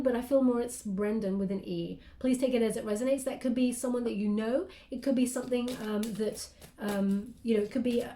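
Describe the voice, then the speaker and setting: Woman doing a tarot reading, chatty and rambly, slightly high voice, mellow tone, echoey room. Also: slight background noise. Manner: chatty, rambling, apologetic, many fillers. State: yawning, sleepy. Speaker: tarot card reader. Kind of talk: casual guided tarot reading.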